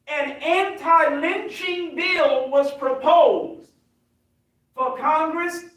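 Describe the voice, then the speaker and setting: A high-voiced American man preaches slowly and deliberately, calling out to his congregation and building to shouts. He sounds far from the mic in a very echoey hall. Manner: emphatic, preaching, rising to shouts. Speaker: minister. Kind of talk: sermon with call and response.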